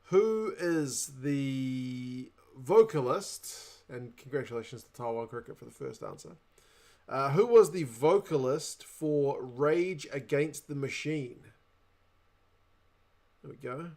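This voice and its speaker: A man's voice: medium pitch, lively intonation, slow pace, a little mellow. A young adult man with a New Zealand accent, hosting a casual livestream, chatting away and reading viewer comments aloud. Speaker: livestream host.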